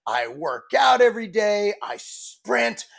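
A man's voice: high voice, big pitch swings, slow, creaky, a bit bright. A man in his forties, a fitness coach, talking candidly and bluntly in a rambling, casual vlog style. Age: 40s.

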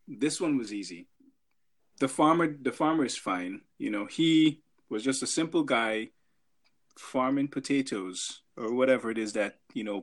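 A male podcast co-host chats casually, joking and wandering through his thoughts. He keeps breaking up his sentences with filler words and restarts. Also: fairly low pitch. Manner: joking, rambling, many fillers. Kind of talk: casual chat.

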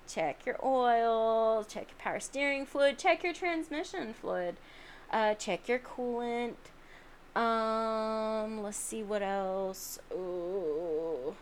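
A sleepy woman with a slightly high voice hosts a late-night solo podcast from home, with slight background noise. She talks earnestly and ramblingly, often putting herself down.

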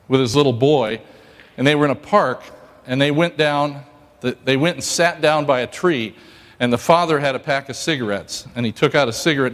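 A male pastor giving a sermon in a church, joking and telling stories in a lively way. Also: mid-range voice, big-room sound.

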